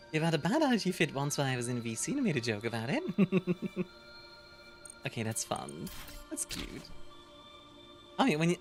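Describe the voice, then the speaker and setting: Lively low-voiced woman streamer. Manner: animated, reads game text aloud and reacts. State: coughing. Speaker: streamer playing a strategy game. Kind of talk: casual gameplay chat.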